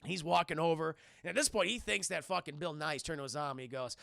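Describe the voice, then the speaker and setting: Man, streamer, profane film recap to chat, high gravelly voice, dry close mic. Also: fast talker, no echo. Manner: excitable, profane, keeps addressing chat; acts out character lines in shifting voices.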